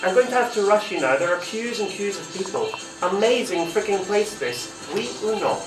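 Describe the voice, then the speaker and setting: A man reading poems aloud at a live reading, with an animated, teasing delivery. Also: sits high, moderate pace, over music. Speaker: performing poet. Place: library reading room. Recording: echoey room, voice from far off.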